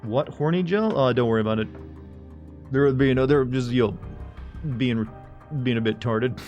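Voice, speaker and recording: Male streamer, mid-pitch, casual rambling banter with dark jokes. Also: normal speed, dull audio, faint music behind. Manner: joking, rambling, talks to chat. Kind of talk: casual live-stream chat.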